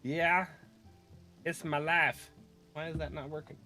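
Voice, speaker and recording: A man's voice: on the high side, little pitch movement, a little slow, bright, forceful tone, faint music behind. A man casually chatting with his live-stream viewers, laughing often and greeting them by name.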